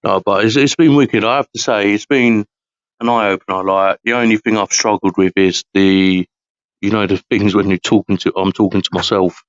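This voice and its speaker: A man's voice: lowish voice, fairly even intonation, normal speed, no room sound, dull audio. A man from hosting a long live podcast, chatting casually in a tired, rambling, slangy way. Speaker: podcast host. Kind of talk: casual late-night chat.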